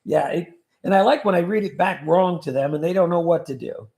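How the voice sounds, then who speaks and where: A man's voice: high voice, fairly quick, vocal fry, a little mellow. A middle-aged man hosting a casual livestream, joking and reading out viewer comments. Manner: jokey, reads out viewer comments. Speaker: livestream host.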